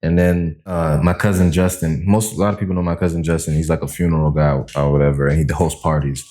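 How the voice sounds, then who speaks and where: A man's voice: rumbling low, fairly even intonation, fast, mellow. A man speaking as a podcast guest, candidly telling a personal story in casual, slang-filled talk and openly showing vulnerability.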